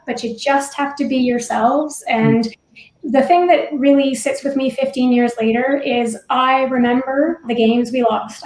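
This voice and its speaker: A woman's voice: high voice, a little mellow, a little hiss or hum. A middle-aged woman, a former Olympic curler, speaking thoughtfully and candidly as a panel guest, with easy laughs. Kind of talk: reflective panel discussion. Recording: roomy echo.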